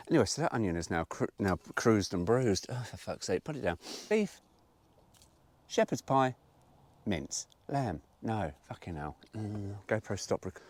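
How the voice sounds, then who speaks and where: A man's voice: on the low side, darkish tone. A man chatting casually to camera while cooking in his campervan, sweary and chatty, sounding tired. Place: inside a campervan. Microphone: camera mic.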